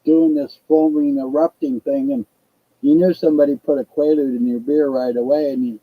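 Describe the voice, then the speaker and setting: An older man tells a story in a loose, profane, rambling way. His voice sits a little high for a man. The recording is dry and muffled, with a lo-fi dullness. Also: fairly even intonation, normal speed, no room sound. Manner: profane, rambling, laid-back. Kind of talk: casual storytelling.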